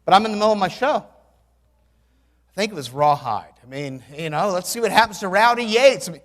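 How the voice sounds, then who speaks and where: A man in his sixties preaching a sermon in a church, telling stories in an animated way with dry humor and bursts of loud exclamation. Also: sits high, moderate pace, in a large hall. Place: church sanctuary.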